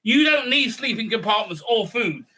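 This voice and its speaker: A man's voice: extremely high pitch, lively intonation, normal speed, sharp tone. A man giving a sarcastic, crude comedic recap, full of fillers. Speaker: show host. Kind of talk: comedic recap with mocking character voices.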